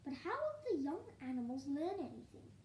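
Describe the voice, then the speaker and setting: A woman voicing a tired, gentle male owl who teaches the forest animals, speaking softly and drowsily. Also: sits high, very animated, moderate pace, echoey room, slight background noise. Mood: mild. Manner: soft, drowsy and mild. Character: sleepy old male owl schoolteacher, gentle.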